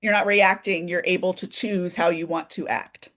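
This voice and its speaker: A woman hosting a podcast interview, calm and affirming as she steers the chat. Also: on the low side, moderate pace. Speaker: podcast host.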